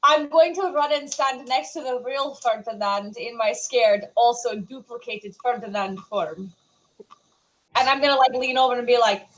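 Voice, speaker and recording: A woman player in a tabletop game who describes her moves slowly and deliberately. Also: on the high side, steady tone, poor audio.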